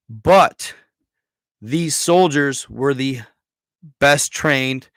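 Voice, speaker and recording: A man hosting a casual livestream rambles through a history story in slangy speech, stumbling over his words. His mid-range voice has a fairly bright tone, and the recording is dry and studio quality.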